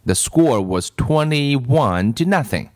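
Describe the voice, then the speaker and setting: A man narrating a children's storybook in an expressive read-aloud style. He takes his time and lets his pitch move a lot. The recording is close and dry. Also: takes it slowly, no room sound.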